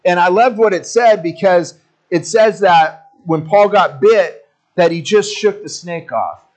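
Pastor, male, slightly higher voice, casual animated storyteller in the pulpit. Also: unhurried. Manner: conversational, animated storytelling with jokey asides. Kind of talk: sermon.

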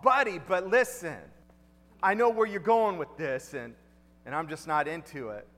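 A man's voice: fairly high pitch, moderate pace, fairly bright tone, long reverb tail, close to an everyday voice. A pastor putting on a stammering Puerto Rican guy. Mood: friendly. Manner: stammering, calls everyone buddy. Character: friendly embarrassed Puerto Rican man, laid-back.

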